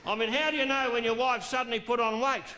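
A middle-aged man telling a crude, drawn-out stand-up story on a theatre stage, with theatrical pauses. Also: extremely high pitch, steady tone, background noise. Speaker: stand-up comedian. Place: theatre stage before a laughing audience.

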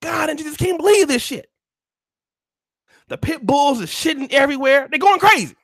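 A man telling a profane comedic story to his stream in animated, slangy talk. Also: very high-pitched, moderate pace, no echo, clean studio sound.

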